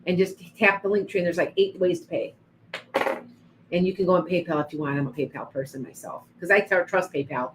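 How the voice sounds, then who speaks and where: A woman's voice: fairly low pitch, brisk, a little hiss or hum, low-quality recording. Chatty woman reading for livestream viewers. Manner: chatty, addresses viewers by name, frequent restarts. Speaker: psychic reader on a livestream. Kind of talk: live-stream reading and chat.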